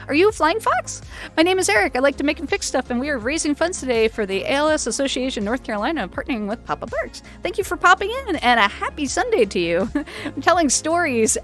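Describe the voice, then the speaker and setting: A woman's voice: high voice, fairly bright tone. A woman hosting a charity livestream from home in a VR chat, talking casually and laughing often. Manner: giggly and chatty, laughs often. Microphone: VR headset mic.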